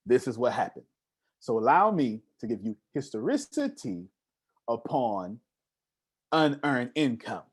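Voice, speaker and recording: A man's voice: mid-range voice, wildly swooping pitch, a little slow, pauses often, slightly rough. A man giving an emphatic live seminar talk on money, repeating words for stress and asking his audience questions. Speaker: motivational speaker.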